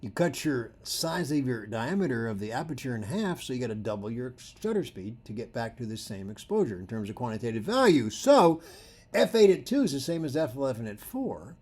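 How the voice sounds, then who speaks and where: A man teaching photography in a presentation, telling stories with animated delivery and acting out the dialogue. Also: medium pitch, a little fast, husky. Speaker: photography instructor.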